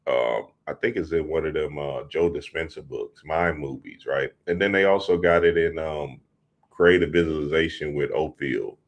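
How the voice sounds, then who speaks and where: A man's voice: a bass voice, moderate pace. A man hosting a spiritual talk show, mixing teaching with laid-back, laughing, slangy asides.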